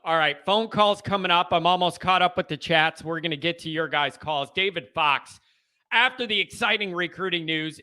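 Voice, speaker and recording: A high-voiced man with a Midwest American accent hosts a fan call-in show, talking casually. His tone is bright and forceful, and he gets worked up and hammers the same phrase again and again. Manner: animated, fired-up, repeats himself. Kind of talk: casual chat.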